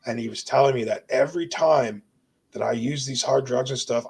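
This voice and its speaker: A young man, a guest on the show, earnestly tells the story of nearly dying, speaking casually and tossing in "dude" and "bro." His medium-pitched voice is creaky with a breathy edge and moves fairly quickly. It's intense, emotional personal testimony.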